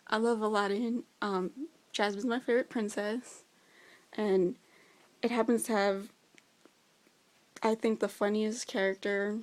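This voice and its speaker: A woman's voice: mid-range voice, a little mellow. A young woman chatting casually about her favorite movies, enthusiastic and full of fillers. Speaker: vlogger.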